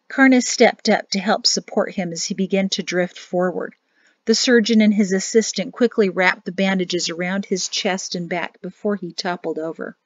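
A woman reading an audiobook chapter as narrator in a steady storytelling manner. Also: mid-range voice, moderate pace, no room sound. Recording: dull dry home recording.

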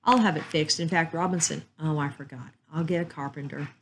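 A woman reading aloud and voicing an older, quick-tempered mansion owner who talks in a snappish, demanding way. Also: low-pitched, fairly even intonation, slight background noise. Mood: eager.

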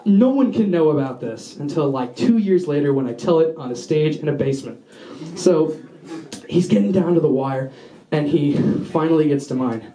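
A young man performs stand-up in a small basement room, and his high voice carries a mellow, warm tone. He tells a rambling, profane story and keeps breaking off to talk to the crowd. The room around him is echoey. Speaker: stand-up comedian. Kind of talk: stand-up set. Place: small basement venue with a live audience.

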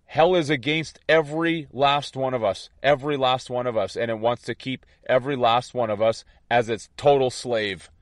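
A man's voice: medium pitch, fairly even intonation, normal speed, hardly any pauses, no echo, clean studio sound. A man giving an impassioned spiritual monologue, intense and defiant, repeating his points. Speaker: online preacher.

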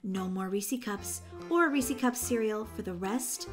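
A woman's voice: medium pitch, a little slow, faint music behind, natural voice. A woman voicing a sly mother figure who talks sweetly and teasingly. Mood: sugary. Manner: sweet, falsely soothing, teasing. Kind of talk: animated roleplay voice acting.

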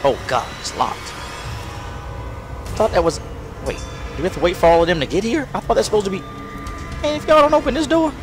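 Excitable, high-voiced gamer trash-talking. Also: male voice, moderate pace, long pauses. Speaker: let's play gamer. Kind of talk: game commentary. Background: game music.

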